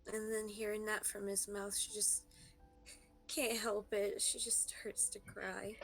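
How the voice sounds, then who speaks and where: A woman's voice: medium pitch, little pitch movement, unhurried, faint music behind. A woman player casually narrating her character's actions in a tabletop game.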